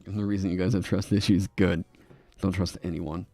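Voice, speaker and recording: A man's voice: low voice, little pitch movement, a little fast, darkish tone, no echo, soft background music. A man chatting casually on a live stream into a desk microphone. He rambles, laughs often and swears freely. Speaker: streamer designing a game class.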